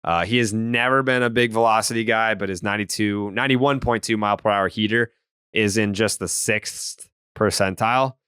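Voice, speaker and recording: A man's voice: lowish voice, normal speed, a bit bright, smooth, no room sound, studio quality. A man hosting a casual sports podcast, reading ad copy with a joking edge and rattling off baseball stats. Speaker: podcast host.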